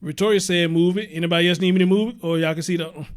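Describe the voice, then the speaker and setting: A man's voice: sits high, steady tone, rapid-fire. A man hosting a casual livestream, chatting straight to his viewers and greeting them by name. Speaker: livestream host.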